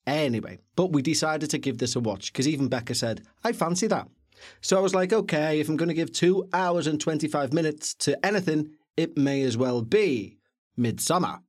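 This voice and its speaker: A man co-hosting a podcast, reviewing a film in a chatty, jokey, animated way. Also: fairly high pitch, fairly quick. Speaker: podcast co-host. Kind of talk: casual film review chat.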